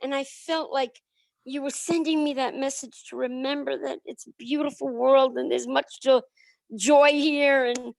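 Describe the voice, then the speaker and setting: A woman with a high voice speaks over a video call, emotional and close to tears. She speaks effusively, and the sound is dry with no room echo. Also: steady tone, measured pace, gravelly. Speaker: participant.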